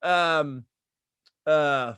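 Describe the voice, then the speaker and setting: A man's voice: fairly high pitch, extremely slow, a bit bright, smooth, no room sound, clean studio sound. A man who is a guest on a podcast, chatting casually in a rambling way, repeating words as he goes.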